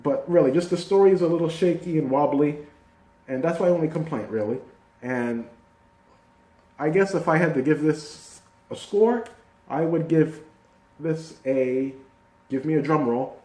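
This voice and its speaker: A man's voice: on the high side, measured pace, long pauses, warm tone. A man giving a casual, rambling video review of a TV season, full of fillers and restarts. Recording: echoey room.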